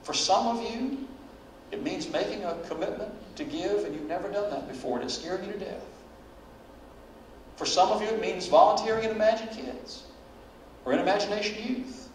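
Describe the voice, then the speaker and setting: Male pastor, high voice, dramatic preaching style; recorded from far off in a very echoey sanctuary. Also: moderate pace, a little hiss or hum. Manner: dramatic, acts out quoted prayers and dialogue. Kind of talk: sermon. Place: church sanctuary. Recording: very echoey church hall, voice from far off.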